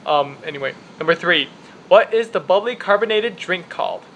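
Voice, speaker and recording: A young man from the Chicago area, with a Chicago accent and a high, bright, forceful voice, talks at normal speed with animation; there's slight hiss or hum. He's a vlogger rambling chattily and self-deprecatingly through an accent-tag video in his apartment room with the window open.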